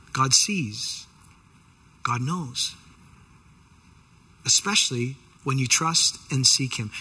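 Animated preacher man, husky and bright. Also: mid-range voice. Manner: animated, emphatic, retells scripture scenes. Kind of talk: sermon.

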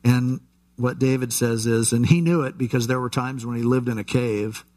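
In an unhurried, conversational style, a male pastor teaches from the Bible in a sermon, his voice at an ordinary middle pitch, slightly mellow, with fairly even intonation. He drifts into loose, chatty asides and frequently restarts sentences.

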